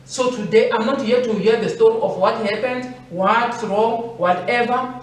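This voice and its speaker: A woman's voice: fairly high pitch, moderate pace. A woman preaching a sermon to women, earnest and repeating phrases for emphasis. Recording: echoey room from far off.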